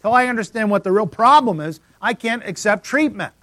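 Emphatic preacher man, higher voice. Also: lively intonation, fairly quick, fairly bright tone, dry recording. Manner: emphatic, rising and dropping to near silence for effect. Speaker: pastor. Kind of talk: sermon.

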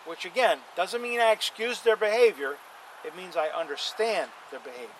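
A man's voice: high voice, normal speed, a little hiss or hum, rough recording. A man preaching a sermon, emphatic, repeating lines for stress and calling on the congregation to say them with him. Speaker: pastor.

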